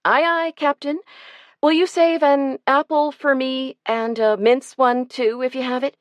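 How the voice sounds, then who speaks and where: A woman narrator voicing an eager, cheerful woman reporter, lighter and brighter than her narration. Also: high-pitched, steady tone, unhurried, no echo, pitched above the performer's own voice.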